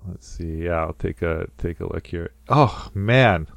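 A man's voice: deep voice, measured pace, gravelly, no room sound. A man co-hosting a casual podcast, talking through a film scene and acting out quotes in goofy voices. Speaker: podcast co-host.

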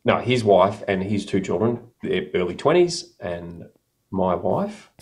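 A man's voice: low-pitched, big pitch swings, measured pace, darkish tone. A middle-aged man, telling a long, rambling story in a casual chat, often restarting his sentences. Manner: rambling, self-correcting storyteller.

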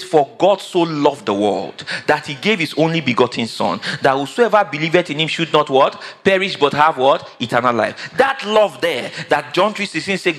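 A male pastor preaches a sermon, leaving gaps for the congregation to finish his sentences. His voice sits a little high and comes across bright and forceful. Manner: call-and-response preaching, acts out whiny quotes.

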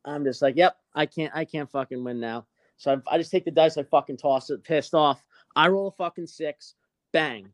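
Swearing constantly, this young podcast host animatedly tells a story during casual conversation. He speaks at a normal speed with a fairly high pitch, and the recording is dry.

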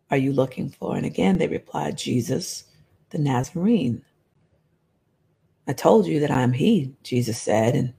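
A woman preaching a sermon, reading scripture aloud with animated, conversational asides to her listeners. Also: on the low side, vocal fry, slightly rough.

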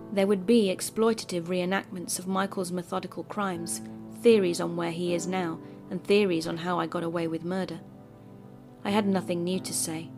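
A woman with a fairly low voice tells a first-person horror story in a measured, bitter way. Her reading is scripted and steady, and music plays behind her the whole time. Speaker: story narrator.

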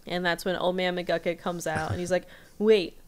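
A woman co-hosting a casual podcast, recapping an episode in chatty, giggly storytelling with quick quoted voices, recorded over a remote video call. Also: fairly low pitch, little pitch movement, smooth. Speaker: podcast co-host.

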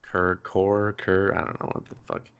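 Man, podcast co-host, casual chat, bright edgy tone, gravelly, acts out lines. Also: low-pitched, completely flat delivery, muffled recording. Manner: swears freely, acts out lines in quick put-on voices.

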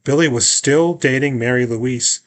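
A man's voice: medium pitch, moderate pace. A man co-hosting a casual movie podcast, telling gossip and griping about a film in a loose, profane way. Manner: gossipy, profane, animated storytelling. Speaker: podcast co-host. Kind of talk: casual movie-review chat.

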